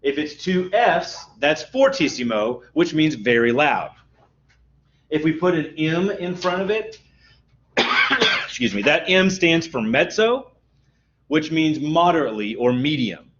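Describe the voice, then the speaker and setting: A man teaches a college music class, explaining terms step by step and often checking in with "okay?". His slightly high voice is expressive and fairly bright, and he speaks unhurriedly in this dull, lo-fi lecture recording.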